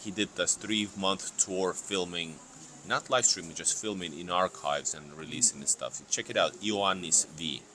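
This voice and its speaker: A man hosting a casual live stream in English, excitable, restarting his sentences often. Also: low-pitched, normal speed, a little hiss or hum. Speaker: host of a travel channel.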